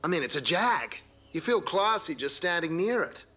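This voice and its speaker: A man's voice: a little high, very animated, normal speed, bright, forceful tone, a little hiss or hum. An actor playing an eager male car-hunting sidekick with an Australian accent, an awed and chatty car enthusiast in video game dialogue. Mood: excited.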